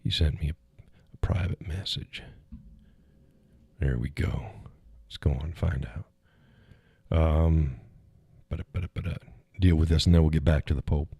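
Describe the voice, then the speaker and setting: A man's voice: rumbling low, steady tone, a little slow, creaky, long pauses, mellow, slightly rough, dry recording. A man hosting a casual livestream, rambling and chuckling as he answers viewers in the chat. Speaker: live stream host.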